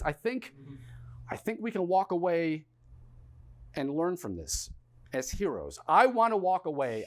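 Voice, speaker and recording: Young guy telling a comedy story onstage, self-mocking, voice all over the place. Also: on the high side. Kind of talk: one-man comedy storytelling. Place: theatre stage.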